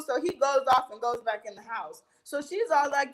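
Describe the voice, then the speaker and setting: On a rough, gravelly recording, a high-voiced young woman tells her story as an interview guest at normal speed. Her talk is loose and casual, she swears freely, and she animatedly breaks into others' lines while describing a heated fight.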